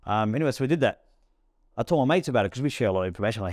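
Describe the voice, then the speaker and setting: A man's voice: mid-range voice, dry recording, studio quality. A man, a restaurant founder, telling stories in a casual podcast interview and acting out bits of dialogue. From Australia. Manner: rapid, animated storytelling with acted-out dialogue.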